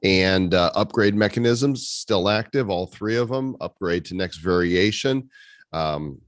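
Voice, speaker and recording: Deep-voiced man hosting a casual online meetup. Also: unhurried, no echo. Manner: joking, teasing, sarcastic banter. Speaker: host. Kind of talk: casual community meeting chat.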